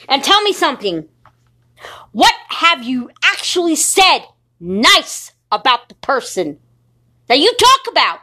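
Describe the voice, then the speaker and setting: A woman's voice: high voice, very animated, measured pace, bright, forceful tone. A young adult woman ranting in an angry, defiant monologue, swearing constantly and sounding short on sleep. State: sleep-deprived. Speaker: podcaster.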